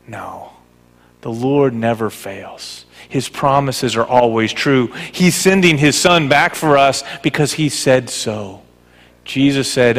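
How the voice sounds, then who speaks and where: A pastor preaching a sermon in a conversational, animated way with jokes. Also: male voice, medium pitch, unhurried, in a large hall.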